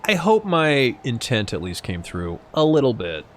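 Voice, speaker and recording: A man's voice: mid-range voice, huge pitch swings, moderate pace, a bit bright, a little hiss or hum. Tipsy, rambling young man streamer. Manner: rambling, swearing, laughs often. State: tipsy from drinking. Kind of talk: casual live-stream chat while gaming.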